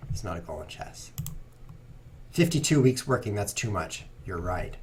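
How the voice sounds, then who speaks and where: Low-voiced guy rambling n joking while he plays chess on stream, faint hiss behind. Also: sing-song, moderate pace. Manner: joking, rambling, playful sarcasm. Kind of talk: casual livestream commentary while playing.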